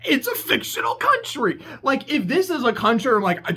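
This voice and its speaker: A game reviewer ranting in a casual video essay, excitable and profane, rambling and laughing at their own tangents. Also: high-pitched, moderate pace, hardly any pauses, breathy edge. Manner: laughs mid-sentence and corrects itself.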